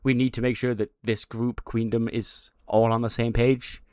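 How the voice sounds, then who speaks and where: A man voicing a composed female wrestler who leads a group, speaking firmly and measured. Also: medium pitch, flat delivery, darkish tone, smooth, no room sound, studio quality, close to an everyday voice. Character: composed female wrestler leader mediating a rift.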